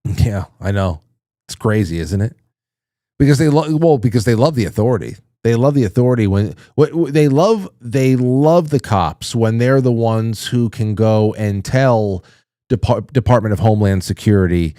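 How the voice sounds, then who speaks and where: Brief: middle-aged male host, loose profane banter, mellow tone, dry close sound. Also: lowish voice, dry recording. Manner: loose, profane, joking, mock-prim voices. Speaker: talk show host. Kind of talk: casual chat reading listener comments.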